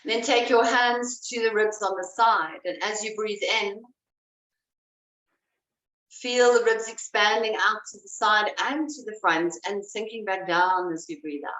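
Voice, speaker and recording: A woman breathwork instructor leading a guided breathing exercise, giving slow, calm instructions. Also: medium pitch. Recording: roomy sound, voice away from the mic.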